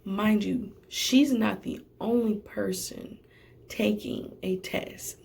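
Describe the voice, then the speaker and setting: Taking it slowly, with vocal fry in her mid-range voice, a young testing-center employee recounts a storytime vlog. She's animated and sassy, sprinkling in slangy asides.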